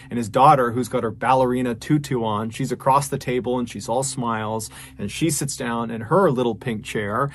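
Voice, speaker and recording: A man's voice: mid-range voice, a little hiss or hum. Conversational male true-crime storyteller. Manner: casual, conversational, many "you know" fillers. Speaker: host and storyteller.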